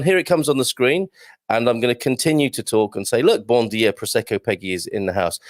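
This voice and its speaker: A chatty livestream host broadcasts casually from his home, where builders are working on the roof, reading viewer comments aloud with self-deprecating humour. His mid-range voice has a gravelly, creaky edge, and the recording is dry and close.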